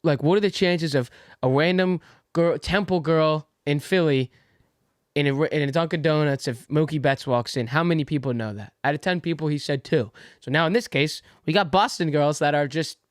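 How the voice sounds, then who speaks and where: A young man hosting a sports podcast. He talks in excitable, profane bursts and reacts quickly to his co-host. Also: fairly high pitch, dry recording, clean studio sound. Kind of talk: casual sports podcast chat.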